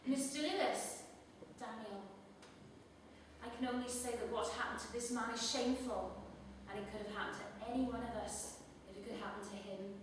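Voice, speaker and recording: A woman's voice: fairly high pitch, moderate pace, natural voice. An actress on stage playing a formal female deputy official who speaks in a grave manner. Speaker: stage actor. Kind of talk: live stage play. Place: small theatre stage. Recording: echoey hall taped from far off with noise.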